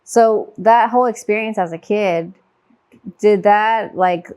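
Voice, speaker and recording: A woman co-host asks an interview guest curious, lively follow-up questions. Her voice sits at a mid pitch, and she steers the talk with easy prompts. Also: takes it slowly, smooth. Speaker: podcast co-host. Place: guest's home.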